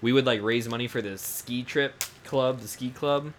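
A man co-hosting a podcast, telling stories in a relaxed, profane way among friends. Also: medium pitch, moderate pace, slight background noise. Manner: laid-back, profane storytelling. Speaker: podcast co-host. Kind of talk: casual podcast banter.

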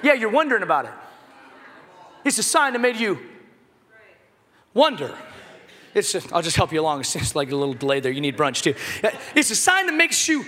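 A man preaches to his congregation in a very high, bright voice, breaking into jokes and then rising to a shout on the lines he wants to land. His sermon rings with the long reverb of a big hall. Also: brisk, pauses often. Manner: animated, joking preacher who shouts key lines. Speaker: pastor.

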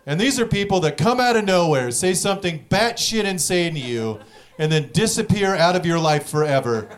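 Profane high-voiced male stand-up comic. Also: expressive. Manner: profane, rapid storytelling with act-outs. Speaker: stand-up comedian. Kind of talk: stand-up comedy set. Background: audience laughter.

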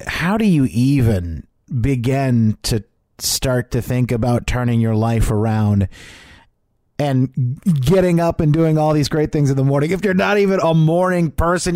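A man's voice: medium pitch, expressive, moderate pace, a little mellow, no echo, clean studio sound. A man hosting a radio interview show, folksy and laughing along as he plays devil's advocate.

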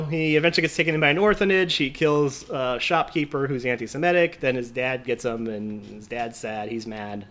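Profane ranting man reviewing a film. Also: a little high. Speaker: podcast co-host. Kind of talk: casual film review chat.

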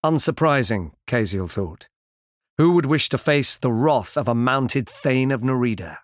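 A male audiobook narrator with a mid-range voice, reading fantasy prose in a measured, even, well-enunciated delivery. The sound is close-miked and very dry, with no trace of room. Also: medium pitch, dry recording. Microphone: close studio mic.

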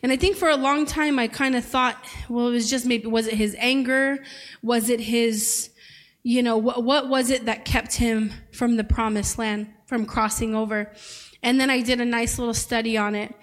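A woman's voice: on the high side, fairly even intonation, moderate pace. A woman preaching a sermon to a church congregation in a conversational, playful way, reading scripture and joking with the room. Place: church service.

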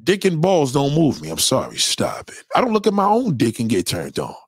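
The recording is studio quality with no echo: a middle-aged man, fairly quick and slightly rough-voiced, bluntly answers viewer questions on a livestream. His crude, casual rant is profane and animated, pitch leaping high and dropping low.

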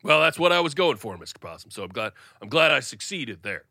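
A man in a comedy podcast with a lively, swinging voice and a very bright tone. He sounds dry and close, encouraging but a little flustered. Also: medium pitch, a little fast, no room sound. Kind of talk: casual comedic banter.

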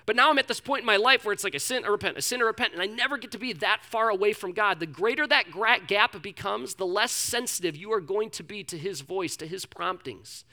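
Bright, high-voiced young man preaching. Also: fairly quick, few pauses. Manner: candid, self-deprecating storytelling with many restarts. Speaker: pastor. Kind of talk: sermon.

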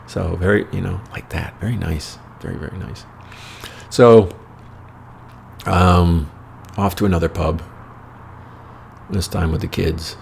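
A man's voice: sits low, steady tone, measured pace, creaky, pauses often, a little mellow, a little hiss or hum. An American man telling rambling, wry personal anecdotes with plenty of profanity in a casual storytelling style. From United States. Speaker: storyteller host.

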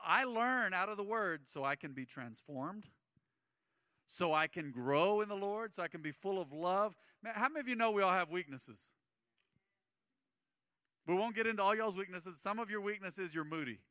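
A man's voice: sits high, pushed and bright, no echo, studio quality. A man preaching a sermon as pastor, conversational and acting out the people he quotes.

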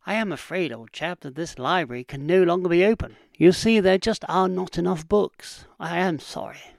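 Brief: woman doing a stiff, apologetic mayor, low-pitched, measured delivery, dry storybook sound. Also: vocal fry, a little mellow, no room sound. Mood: sorrowful. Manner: formal, regretful, low and measured. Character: sorrowful, formal male town mayor.

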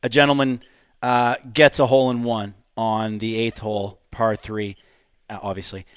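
A man co-hosting a podcast, telling a story in an animated way and swearing at times. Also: fairly low pitch, normal speed, clear, resonant tone, no room sound, clean studio sound. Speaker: podcast co-host. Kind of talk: casual storytelling.

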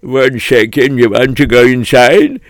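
A man's voice: mid-range voice, expressive, unhurried, no room sound. A man voicing a kindly old Hasidic rebbe and beadle with a Yiddish-inflected accent, soothing and fatherly. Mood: helpful. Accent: Yiddish-inflected English.

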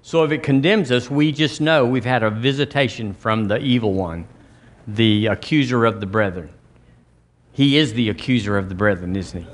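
A middle-aged man preaching a sermon as pastor, folksy and conversational with quick asides. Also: mid-range voice.

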